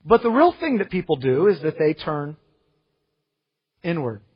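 A pastor preaching a sermon, reading scripture aloud with strong emphasis and rising, ringing phrases. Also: male voice, on the high side, very animated, unhurried, husky. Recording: muffled sermon audio with long hall reverb.

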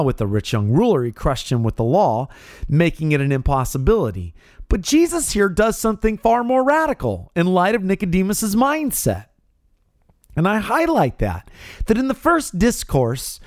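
A man preaching an expository sermon, with emphatic stresses that rise high and drop low. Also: huge pitch swings, normal speed, no room sound, studio quality.

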